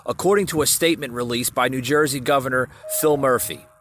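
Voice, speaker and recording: A man's voice: medium pitch, fairly quick, fairly bright tone, a little hiss or hum. A man hosting a solo podcast, rambling through the news with many fillers and restarts and talking straight to his listeners. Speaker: podcast host. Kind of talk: casual solo podcast commentary.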